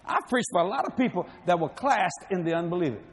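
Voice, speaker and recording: High, lively-voiced joking preacher man. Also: quick pace. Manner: jokey, laughs between lines, folksy. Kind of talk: humorous sermon storytelling.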